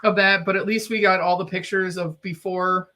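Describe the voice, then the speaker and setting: Bright, chatty woman host. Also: lowish voice, steady tone, moderate pace. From Indiana, US. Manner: chatty, rambling. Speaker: show host. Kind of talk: casual chat.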